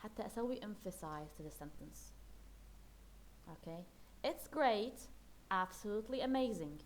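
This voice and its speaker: A woman's voice: medium pitch, expressive, moderate pace. A woman teaching an English class, explaining words patiently, repeating them and checking that the class follows along in a classroom. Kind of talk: classroom English lesson mixing Arabic and English.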